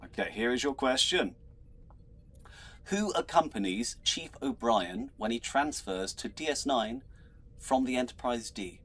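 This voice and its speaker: A male quizmaster hosts an online trivia show in a middle-pitched voice. He is chatty and laughs often. He stumbles over his words as he reads out questions and scores. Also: lively intonation, a little slow, a bit bright. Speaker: quizmaster host.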